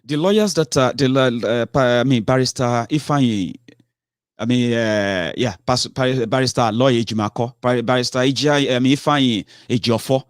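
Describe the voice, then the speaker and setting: A man delivers a heated political commentary in a voice of middling pitch. He keeps restarting and repeating himself, then rises into exasperated outbursts. The sound is dry and close, with no room around it. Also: normal speed, dry recording. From Nigeria. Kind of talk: impassioned spoken commentary.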